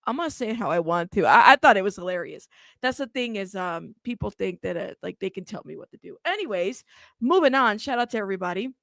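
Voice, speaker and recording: A woman hosting a true crime channel, talking in a casual, animated and sassy way, bilingual in Spanish. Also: mid-range voice, fast, gravelly, dry recording. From United States. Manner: animated, sassy, frequent laughs. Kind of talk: casual livestream commentary.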